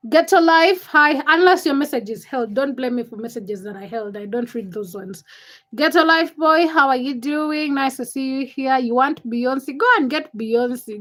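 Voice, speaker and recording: A woman's voice: high voice, measured pace, fairly bright tone, rough recording. A woman from Uganda hosting a casual livestream, reading viewer messages aloud and answering them with chatty, teasing comebacks. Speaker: livestream host. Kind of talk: casual live-chat stream, reading and answering viewer comments.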